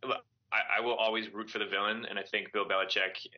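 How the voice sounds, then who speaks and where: Low-voiced man, opinionated sports co-host. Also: flat delivery, fast, highs cut off. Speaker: podcast co-host. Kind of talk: casual sports chat.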